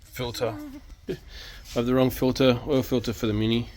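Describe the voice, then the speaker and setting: A man's voice: medium pitch, flat delivery, normal speed, a little mellow, a little hiss or hum. A young man, the channel host, chatting casually and asking lots of questions while working on a car in a home garage. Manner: chatty, laughs often, asks lots of questions.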